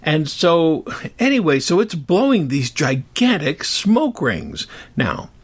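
Husky older man telling a rambling story. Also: on the high side, slow. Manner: rambling, digressive, animated. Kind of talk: casual storytelling.

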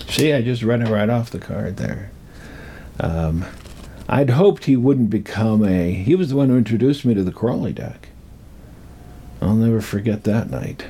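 An older man telling a rambling personal story from his youth, halting and full of pauses and restarts. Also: fairly low pitch, mellow, slight background noise.

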